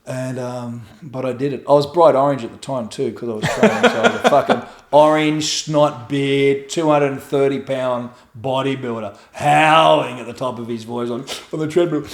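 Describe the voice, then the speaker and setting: Speaking at a moderate pace with few pauses and a medium pitch, a middle-aged podcast guest relays a raw personal story from an echoey room in his home. The candid interview is full of free swearing and animated, acted-out quotes.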